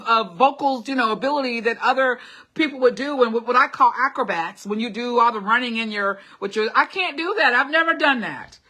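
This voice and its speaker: A middle-aged woman hosts a live motivational stream, casually reading viewer comments and cheering people on with short, repeated urgings and plenty of laughter. Her voice sits high, bright and forceful, with the quality of a classically trained singer.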